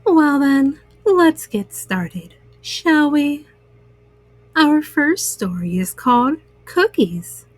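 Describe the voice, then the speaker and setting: A woman reading bedtime stories aloud to young listeners, gentle and soothing. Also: sits high, big pitch swings, extremely slow, dry recording. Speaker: storyteller.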